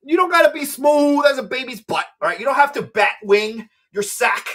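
A man hosting a livestream, talking in loose, casual chat. His voice is bright and forceful, and his pitch swings widely as he jokes crudely, laughs often and stumbles over repeated words. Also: animated, normal speed. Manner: repeats words, talks in bursts. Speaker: livestream seller host.

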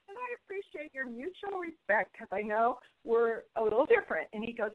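A woman guest telling a personal story in an interview, bubbly and animated, acting out what others said. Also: a little high, moderate pace, phone-quality sound. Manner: bubbly, animated storyteller who acts out quoted voices.

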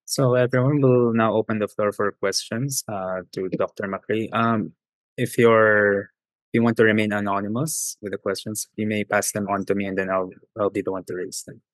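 A man's voice: fairly low pitch, fairly even intonation, moderate pace, no echo, rough recording. A man moderating a video-call lecture, making brief formal announcements to open the questions. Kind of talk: event moderation.

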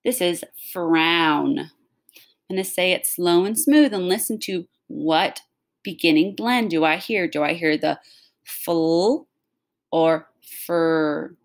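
A woman's voice: fairly low pitch, expressive, a little slow, vocal fry. A woman teaching a recorded phonics lesson to young children, talking patiently and stretching out the sounds of words.

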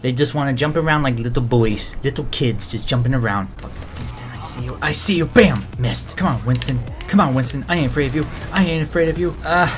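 A man giving excitable let's-play commentary, trash-talking and breaking into shouted outbursts. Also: medium pitch, brisk, few pauses, over music. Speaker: gamer and video creator.

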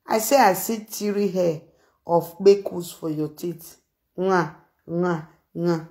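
A woman with a Nigerian Pidgin accent from Benin, giving an animated, teasing comedic reaction to a clip. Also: mid-range voice. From Benin City area, Nigeria. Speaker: comedic video host.

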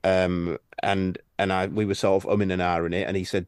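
A man's voice: deep voice, steady tone, a little fast, clear, resonant tone, no echo, studio quality. A man who coaches tennis, explaining things on a podcast with anecdotes and restarts. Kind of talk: casual podcast chat.

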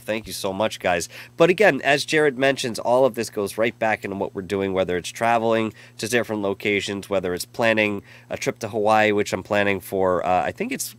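Low-voiced man hosting a live stream. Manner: rambling, effusive, reading out chat messages. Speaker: live show host. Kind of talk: casual live-stream chat.

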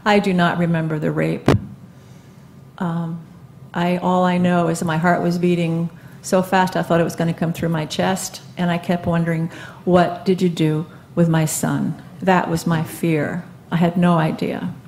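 A woman in her seventies speaking onstage at a live event, telling her own story in an earnest, halting way with many fillers and restarts. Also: on the low side, flat delivery, gravelly, a little mellow, a little hiss or hum. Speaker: guest speaker. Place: live event stage before an audience.

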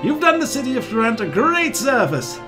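Brief: man playing a grand, high-voiced official, effusive and formal. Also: very animated, a little fast, music in the background.

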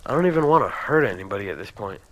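A young man giving casual let's play commentary, chatting to the game's characters and breaking into excited shouts. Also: on the low side, rapid-fire, muffled recording, a little hiss or hum. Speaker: gamer.

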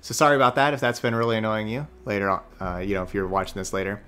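A man's voice: lowish voice, very fast, sharp tone, clean tone. A man streaming a card game, giving casual commentary as he plays, thinking aloud and correcting himself as he goes.

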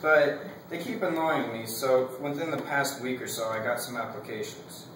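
A man's voice: medium pitch, normal speed, very echoey, distant mic, noisy background. A young man giving a casual class speech. He rambles, fills his talk with "like" and laughs between his points.

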